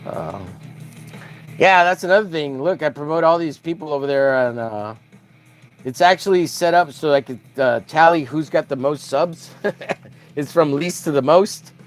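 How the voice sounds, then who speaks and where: A man chatting casually on a drawing livestream, his voice sitting a bit higher than most men's. He jokes crudely and keeps greeting viewers by name, with faint music playing in the background. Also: lively intonation, normal speed. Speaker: livestream host.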